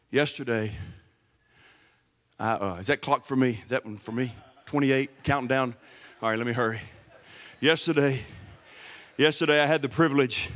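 As a guest pastor at a church service, a man delivers a sermon that swings between shouted emphasis and low, quiet asides, with a long reverb tail behind his voice.

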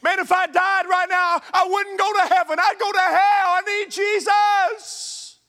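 A man's voice: very high voice, level tone, unhurried, bright, forceful tone, long reverb tail, pitched above the performer's own voice, heavily acted. A man preaching who acts out a big grown man hollering at the top of his lungs to a preacher.

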